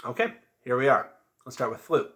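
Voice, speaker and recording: A man's voice: medium pitch, sing-song, brisk, a bit bright. A man teaching a beginner band lesson, patiently walking through each step and checking in with frequent "okay?". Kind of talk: instrument lesson demonstration.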